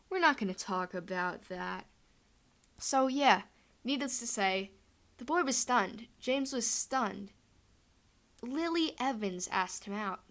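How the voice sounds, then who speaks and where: Young woman, chatty, rambling, casual fan storytelling, medium pitch. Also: lively intonation, slow pace, pauses often, fairly bright tone.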